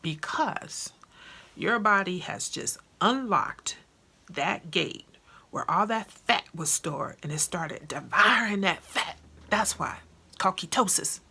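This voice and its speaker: A woman vlogging in a casual, chatty way, animated and colloquial, acting out what people said. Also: fairly low pitch, takes it slowly, vocal fry, husky. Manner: chatty, animated, acts out quotes; colloquial, with slangy grammar. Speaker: vlogger and author. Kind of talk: casual chat to camera.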